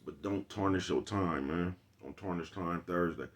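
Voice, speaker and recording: A man's voice: sits low, moderate pace. A man with an African American Vernacular English accent, talking in a loose, slangy, preachy monologue to his viewers. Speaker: vlogger. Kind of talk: casual street monologue.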